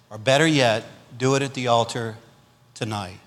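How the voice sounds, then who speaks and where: A man with a Southern US accent preaching a storytelling revival sermon, swinging between loud punches and quiet asides. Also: mid-range voice, unhurried, long pauses, big-room sound. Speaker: pastor.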